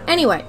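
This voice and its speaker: A woman streaming a video game, chatting casually and bluntly, her mic set off to one side. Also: sits high. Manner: loud, blunt, joking. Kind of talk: casual gameplay stream chat. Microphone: desk mic off to the side.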